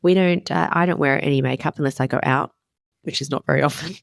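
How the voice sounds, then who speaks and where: A woman's voice: low-pitched, quick pace, gravelly, no room sound, clean studio sound. A woman in her thirties hosting a casual motivational podcast as a wellness coach, candid and emphatic, swearing casually.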